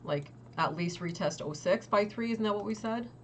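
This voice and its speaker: A young woman hosting a trading livestream, talking casually and quickly to her chat with lots of "like" and exasperated asides. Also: medium pitch, slight background noise. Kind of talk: casual market commentary to chat.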